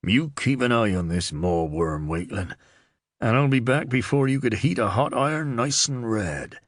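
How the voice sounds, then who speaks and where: A man voicing a wily, weather-beaten older sergeant with a gruff, sardonic manner in an audiobook. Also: mid-range voice, animated, moderate pace, no room sound, clean studio sound, natural voice.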